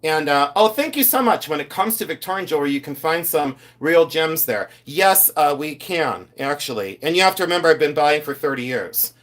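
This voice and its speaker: A man's voice: on the high side, lively intonation, a little fast, few pauses. A middle-aged man hosting a live reseller stream, chatting animatedly and reading viewer comments aloud as he shows his finds. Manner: mimics shouting collectors for laughs. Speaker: reseller host. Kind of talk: live-stream show-and-tell chat.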